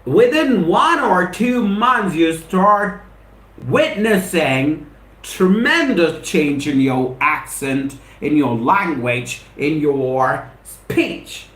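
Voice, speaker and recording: Drawing out his words, this animated man speaks in a slightly high, somewhat bright voice with a roomy sound. He leads a live spoken English lesson in an Indian English accent, greeting viewers by name and hammering his points home repetitively and motivationally.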